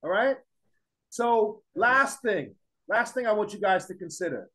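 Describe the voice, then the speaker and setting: Emphatic male teacher with a high voice, lecturing and pressing the class with questions. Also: expressive, a little slow, bright, forceful tone, low-quality recording. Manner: emphatic, repeats points, fires rhetorical questions at the class.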